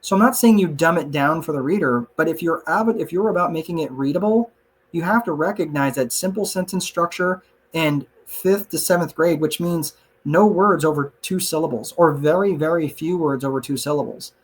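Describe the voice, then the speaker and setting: A man with a slightly high voice leads a live online class. He talks loosely and conversationally, tosses in "look" and "right?" and pokes fun at himself, answering questions from the chat. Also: brisk, breathy edge. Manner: conversational, frequent "look" and "right?" asides, self-joking. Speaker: class presenter.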